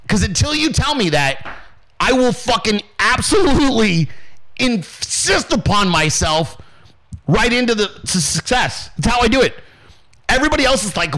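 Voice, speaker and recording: Poor audio carries a very high-pitched, sing-song male voice at normal speed, bright and forceful in tone. Hosting his own podcast, he rants profanely and brashly to motivate, swearing constantly and acting out the people he quotes.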